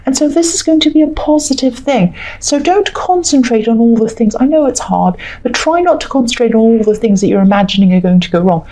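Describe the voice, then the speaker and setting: A woman's voice: fairly high pitch, lively intonation, a little fast, hardly any pauses, dark tone. A woman giving a casual tarot reading, soothing and repetitive, reassuring the listener again and again. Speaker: tarot reader.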